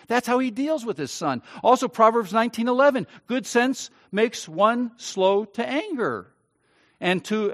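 A man pastor preaching a sermon, swinging between loud, emphatic stretches and quiet, soft ones. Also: high-pitched.

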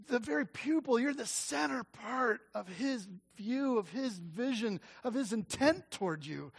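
A male pastor preaching a sermon in a church. He swings from loud emphatic peaks to quiet intimate asides, repeats phrases for emphasis and asks the congregation questions. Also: high voice, unhurried.

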